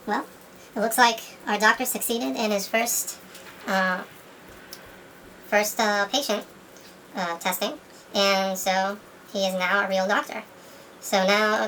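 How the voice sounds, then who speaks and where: A woman's voice: medium pitch, sharp tone, a little hiss or hum. A woman art teacher giving a craft tutorial, chatting and thinking aloud as she works.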